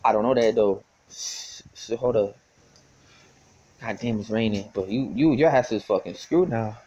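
At a moderate pace, a young male vlogger with a fairly low, dark voice needles someone over the phone and swears, often stumbling and repeating words. The recording's high frequencies are cut off.

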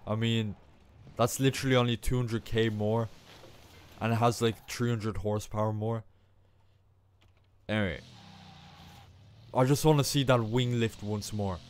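A young man, a gaming channel host, giving casual gameplay commentary, excitable and self-mocking, often breaking into exclamations. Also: on the low side, unhurried, pauses often, clean tone. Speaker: gaming YouTuber.

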